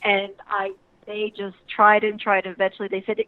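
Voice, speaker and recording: An older woman, a retired teacher, chatting warmly and emotionally as an interview guest, laughing often. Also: medium pitch, completely flat delivery, moderate pace, dry recording. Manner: chatty, giggly, emotional and effusive. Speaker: interview guest, wrestler's mother. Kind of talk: casual interview chat. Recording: tinny phone-like line, dry.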